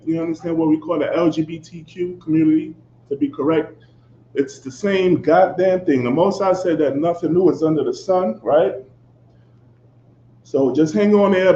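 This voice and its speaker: Emphatic and confrontational, this fiery sermon comes from a preacher whose fairly high voice swings between loud outbursts and low asides as he hammers points home, forever asking "you understand?" Recorded in an echoey room, the sound is dull, with faint background ambience and a slight hiss or hum.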